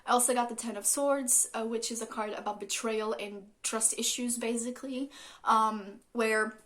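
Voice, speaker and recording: A woman's voice: a little high, steady tone, moderate pace, a bit bright. A woman giving a casual tarot reading, rambling with lots of fillers and some swearing. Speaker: tarot reader.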